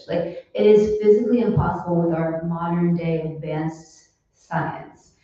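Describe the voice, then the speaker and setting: A woman's voice: lowish voice, fairly even intonation, unhurried, hardly any pauses, warm tone. A woman giving a casual devotional lecture, telling stories in a chatty way full of fillers, in a temple hall. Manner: chatty, lots of fillers, storytelling. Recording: echoey hall, distant mic, dull sound.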